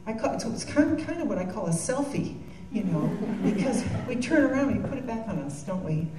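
A woman's voice: on the high side, very animated, fairly quick. A woman giving a devotional talk, earnest and heartfelt, with joking asides. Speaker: Christian speaker. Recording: echoey room from a distance.

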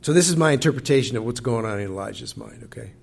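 A man's voice: medium pitch, expressive, fast talker, vocal fry, darkish tone. A male preacher giving a sermon in a reflective manner, often asking his listeners questions directly. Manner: reflective, talks directly to the congregation.

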